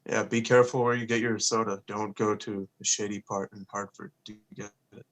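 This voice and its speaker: A man's voice: lowish voice, level tone, a little fast. A young man co-hosting a casual chat show, telling a story in a laid-back way, swearing casually and quoting the people in it. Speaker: co-host.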